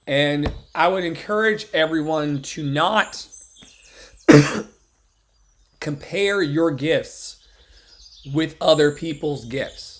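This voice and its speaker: A man's voice: fairly high pitch, slow, pauses often. A man giving an impassioned motivational talk as a life coach, preachy and emphatic, repeating lines for emphasis. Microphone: phone or webcam livestream.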